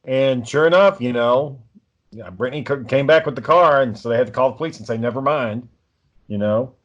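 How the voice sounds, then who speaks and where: A man's voice: medium pitch, fairly quick. A man in a mid-range voice rambles through family stories on a podcast, cursing freely and stumbling over repeated words. The audio is dull and lo-fi. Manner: rambling, swears a lot, stammers. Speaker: podcast co-host. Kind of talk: casual podcast storytelling.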